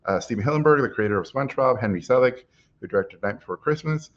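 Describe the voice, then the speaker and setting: A middle-aged man, an animation director, telling stories from his life in an animated way, often chuckling as he talks. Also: medium pitch, fast. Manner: animated storyteller, chuckles while telling anecdotes. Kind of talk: personal storytelling talk. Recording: dull lo-fi recording.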